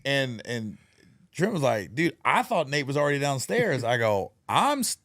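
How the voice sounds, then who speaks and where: A man co-hosting a podcast in casual chat, reacting quickly to his co-host's story. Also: medium pitch, very animated, fairly bright tone, no echo. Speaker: podcast co-host.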